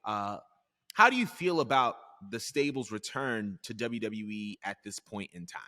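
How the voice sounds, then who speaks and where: Man, lowish voice, bright tone, podcast co-host reading news items, long reverb. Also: expressive, moderate pace. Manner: steers the show, reads out the news items. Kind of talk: casual chat.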